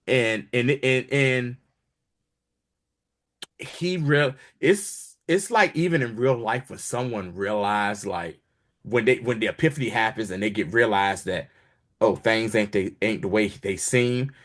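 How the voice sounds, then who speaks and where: A man's voice: fairly low pitch, unhurried, fairly bright tone. A man casually retelling a TV episode to his co-host, acting out the characters' lines in shifting voices. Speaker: podcast co-host recapping a show. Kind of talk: casual chat.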